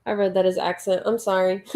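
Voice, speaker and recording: The woman speaking has a medium-pitched, slightly mellow voice. She's hosting a casual late-night livestream, crocheting and counting stitches under her breath while reading and chatting about viewer comments.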